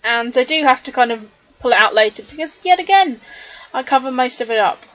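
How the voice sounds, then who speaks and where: A woman's voice: sits high, fairly quick. Chatty woman narrating crafts. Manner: chatty, relaxed, with many ums and little laughs. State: tired late at night. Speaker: scrapbooking vlogger. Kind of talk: voice-over narration of a crafting process video. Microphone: voice-over recorded separately from the video.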